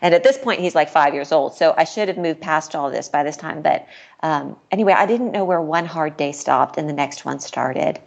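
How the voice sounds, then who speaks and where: Woman, middle-aged, podcast guest, earnest, candid storytelling, light laughs, lower pitch. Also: normal speed, vocal fry, muffled recording. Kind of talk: personal storytelling in casual chat.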